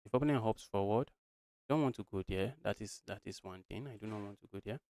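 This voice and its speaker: A young man from Nigeria calls a live chess game with a smooth, resonant voice, mumbling through his calculations as he plays. He keeps talking to his viewers as "guys". The sound is dry and close to the mic, with no room around it. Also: on the low side, quick pace, mellow, no echo. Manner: thinks aloud, muttering lines of play, often addresses viewers as guys. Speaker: chess streamer. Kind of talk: live-streamed chess commentary.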